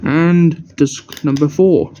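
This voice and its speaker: Slow and steady, a warm, somewhat high male voice walks through a young man's DVD collection in relaxed show-and-tell narration. He rambles, stumbles over words, and corrects himself, with a little hiss or hum on the dull lo-fi camera audio.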